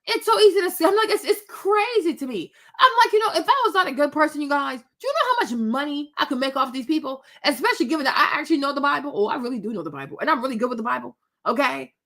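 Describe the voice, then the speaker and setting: A woman's voice: high voice, big pitch swings, fast, hardly any pauses, fairly bright tone. A woman hosting a reaction commentary, scolding bluntly and cursing freely. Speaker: commentary host.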